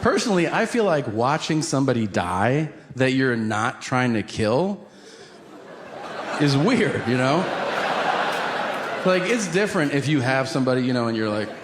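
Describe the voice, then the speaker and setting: Guy doing stand-up, animated, yells in character voices, echoey big venue. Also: mid-range voice, moderate pace, long pauses, noisy background. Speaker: stand-up comedian. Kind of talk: stand-up routine. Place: theater stage with audience laughter. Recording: live hall with long reverb.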